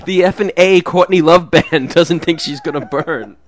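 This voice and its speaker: A man's voice: a little high, moderate pace. A young man co-hosting a podcast, joking around and laughing through his lines. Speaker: podcast co-host. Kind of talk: casual chat.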